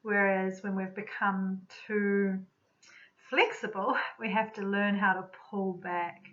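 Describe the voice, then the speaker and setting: Woman teaching in a calm, reflective way. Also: mid-range voice, takes it slowly. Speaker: energy medicine practitioner. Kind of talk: spoken teaching talk. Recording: slightly dull lo-fi recording.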